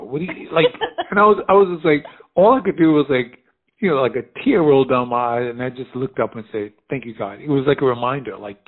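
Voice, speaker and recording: A middle-aged man from the United States telling stories in a casual conversation, animated and quick to laugh, acting out the voices of people he quotes. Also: medium pitch. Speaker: fashion designer guest. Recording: phone-like narrow sound.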